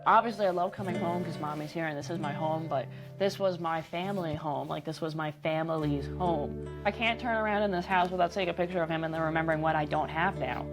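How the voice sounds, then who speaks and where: A woman's voice: low voice, fast talker, music in the background. A woman in her twenties speaking candidly in a documentary interview, emphatic and full of casual fillers. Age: 20s.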